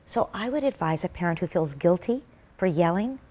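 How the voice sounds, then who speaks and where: A woman's voice: lowish voice, lively intonation, normal speed, mellow. A middle-aged woman answering interview questions as a parenting expert, speaking earnestly and walking through everyday examples. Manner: earnest, explains by acting out example dialogues. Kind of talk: interview answer, conversational advice.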